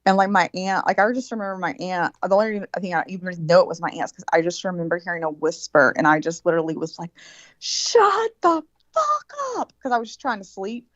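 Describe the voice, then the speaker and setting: A woman's voice: lowish voice, fast, few pauses, no room sound, dull audio. A woman in casual chat, telling a vivid, profane story and acting out the quotes of the people in it. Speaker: birthday guest.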